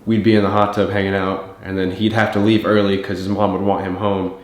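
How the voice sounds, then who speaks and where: A man's voice: low-pitched, flat delivery, a little fast, reverberant. A young man recalling a friend in a documentary interview, teasing him dryly. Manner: dry teasing storytelling.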